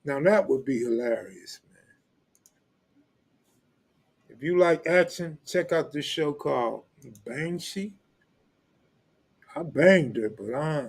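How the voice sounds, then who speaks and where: A man's voice: fairly high pitch, slightly rough. A man from California, hosting a live stream, chatting casually in loose street slang and joking with viewers. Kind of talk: casual chat reading live comments.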